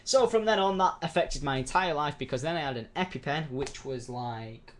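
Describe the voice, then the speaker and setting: A man's voice: on the high side, normal speed, a bit bright. Rambling sweary young Englishman. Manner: rambling, sweary, acts out quoted voices. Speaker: YouTuber. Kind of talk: casual storytelling vlog.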